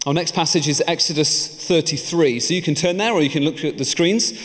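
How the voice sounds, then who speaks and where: A man's voice: on the high side, fairly quick. Guy preaching in a church, earnest, personal stories, voice echoing round the hall. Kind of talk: sermon.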